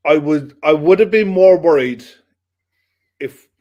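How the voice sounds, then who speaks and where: A man co-hosting a football reaction podcast, talking in a relaxed, rambling way. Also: a little high, a little slow, muffled recording. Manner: relaxed, rambling, repeats himself. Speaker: podcast co-host.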